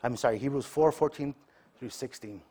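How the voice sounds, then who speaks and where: A man's voice: medium pitch, brisk, dark tone, breathy edge. A man preaching a sermon in a conversational way, checking in with the listeners by asking "right?" after nearly every point. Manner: acts out everyday conversations in quoted voices.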